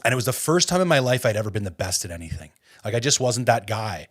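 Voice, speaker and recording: A man from Canada hosting a podcast, telling a personal story in a casual, animated way and getting fired up, with many filler words. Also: lowish voice, fast. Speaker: podcast host.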